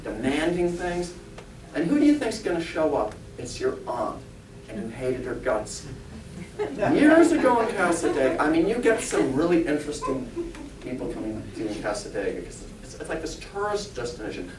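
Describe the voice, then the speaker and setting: A man's voice: sing-song, normal speed. A man, a spiritualist pastor and medium, giving a conversational sermon, joking and asking the congregation rhetorical questions. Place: church hall. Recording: echoey church, mic far off, faint rumble.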